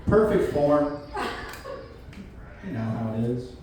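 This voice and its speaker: A man's voice: on the high side, slow, distant mic. A man performing a stand-up comedy set, telling a story with acted-out quotes. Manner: animated storytelling, acting out quotes. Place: beer garden stage before a live crowd. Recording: echoey venue, mic heard from afar, crowd laughter.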